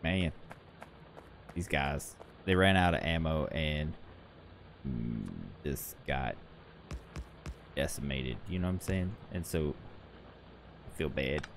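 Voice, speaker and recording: A man with a very low, gravelly voice talks through his game session in a loose, rambling way, doubling back on what he just said. He sounds worn out and on the edge of yawning, with a faint hiss sitting under the recording. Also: takes it slowly, pauses often. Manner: rambling, self-correcting, chatty. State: tired, yawning. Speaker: gaming channel host. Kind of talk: casual gameplay commentary.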